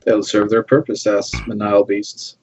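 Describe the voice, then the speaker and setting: Husky guy playing a tabletop game, talks all formal and sly, muffled sound. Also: lowish voice, completely flat delivery, normal speed, a little mellow. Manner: formal, scheming in-character phrasing. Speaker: player. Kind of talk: casual tabletop play.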